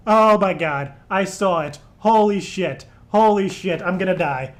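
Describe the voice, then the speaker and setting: A man's voice: high voice, unhurried, hardly any pauses. Nervous young man hosting a live stream. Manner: nervous, swearing, laughing often. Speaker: live show host. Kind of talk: casual live-stream chat.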